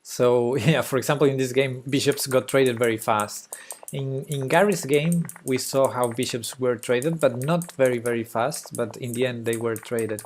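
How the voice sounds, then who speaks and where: A young man with a Spanish accent, a native Spanish speaker, giving casual live-stream chess commentary in a hesitant way with fillers and soft laughs. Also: medium pitch, normal speed, a little hiss or hum.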